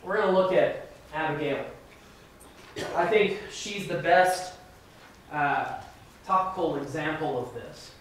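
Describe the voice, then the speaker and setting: High-voiced man preaching in an echoey room. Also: slow pace, pauses often, fairly bright tone. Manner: emphatic, conversational, asks the class questions. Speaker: minister teaching a Bible class. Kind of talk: interactive Bible class sermon. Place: church classroom. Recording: echoey room from far off, faint noise.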